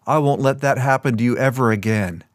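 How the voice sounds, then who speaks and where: A man voicing a tender, protective young male leader who comforts someone gently but firmly. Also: medium pitch, fairly quick, no echo, clean studio sound, lightly acted. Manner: gentle, firm reassurance.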